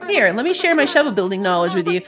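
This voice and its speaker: A woman's voice: mid-range voice, very animated, quick pace, music in the background, natural voice. A woman voicing an old male shark pirate who is jolly and boastful, talking in a hearty pirate drawl with laughs.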